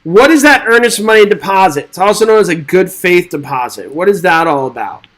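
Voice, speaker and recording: A man's voice: high voice, animated, a little fast, a bit bright, rough recording. A man teaching a live exam-prep webinar, reading quiz questions aloud and joking with the chat in an upbeat way. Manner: upbeat, jokey, reads quiz questions and chats with viewers. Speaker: real estate exam instructor.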